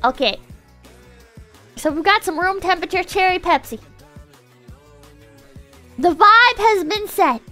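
A woman streamer chatting casually to her chat, excitable and swearing, often breaking into shouts. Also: extremely high pitch, a little slow, pauses often, soft background music. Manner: excitable, swears a lot, bursts into shouting and laughter. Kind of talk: casual live-stream chat reading posts to chat.

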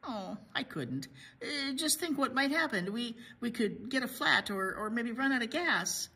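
A woman's voice: fairly high pitch, expressive, unhurried, bright, forceful tone, husky, exaggerated voice. A woman voicing a timid little mouse in a children's storybook read-aloud, stammering nervously. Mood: worried.

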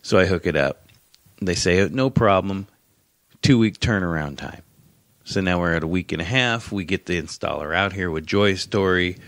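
A man with a very low, deep voice tells a rambling story in casual chat, swearing freely and joking at his own expense. The sound is close and dry, with no room around it. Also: normal speed, a bit bright, dry recording. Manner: profane, rambling, wry. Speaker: podcast co-host.

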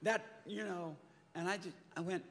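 An older man with a slightly high voice spins an animated story for a convention crowd, swearing and shouting at the peaks. His voice rings out with a long hall reverb from a handheld stage mic. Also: normal speed, a little hiss or hum. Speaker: convention panel guest.

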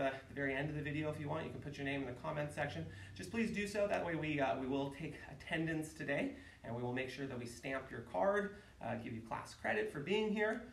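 A man teaching an online martial arts class, counting reps and giving instructions with bursts of shouted yells. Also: fairly high pitch, gravelly, recorded from a distance, a little hiss or hum. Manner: energetic, calls counts and shouts kiai yells. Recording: echoey room, voice away from the mic.

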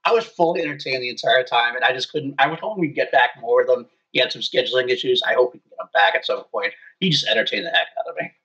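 A man's voice: medium pitch, animated, fast talker, few pauses, pushed and bright, lo-fi sound. An enthusiastic man talking as a panel guest. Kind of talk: casual panel chat.

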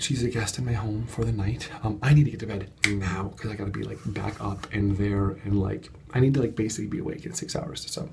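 A man talking in an unedited casual vlog at home at night, chatty and animated, telling a story with lots of fillers. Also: on the low side, fairly quick, creaky, hardly any pauses, noisy background. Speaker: vlogger and course coach. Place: home studio apartment at night.

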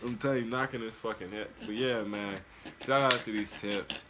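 A man's voice: fairly low pitch, moderate pace, a loud crowd. A young man co-hosting a reaction video, chatting casually in a laid-back way with laughs and swearing. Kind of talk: casual chat.

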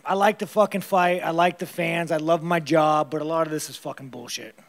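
A man's voice: fairly high pitch, steady tone, a little fast. A man answering press questions after a fight, blunt and rambling, swearing heavily and tired.

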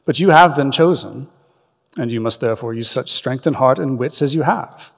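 A man voicing an old, wise male wizard in a dramatic reading, speaking slowly, deeply and with measured steadiness. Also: creaky, long reverb tail. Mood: grave. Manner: slow, deep and measured.

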